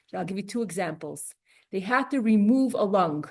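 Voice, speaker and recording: A woman's voice: medium pitch, expressive, normal speed. A woman teaching a Torah class in a casual lecture style, telling personal stories and repeating phrases for emphasis.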